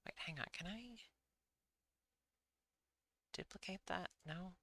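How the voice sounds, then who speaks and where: A woman rambles through a casual stream chat, low-pitched and gravelly with plenty of vocal fry. Her voice is bright and smooth, and she keeps putting herself down and apologizing. The sound is dry and close. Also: slow pace, no echo. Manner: rambling, self-deprecating, apologetic. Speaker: livestreamer.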